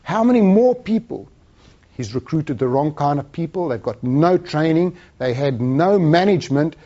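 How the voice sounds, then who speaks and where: A man's voice: fairly high pitch, muffled recording. A man giving a motivational talk as a sales trainer, telling stories and acting out the dialogue. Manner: animated storyteller acting out dialogue.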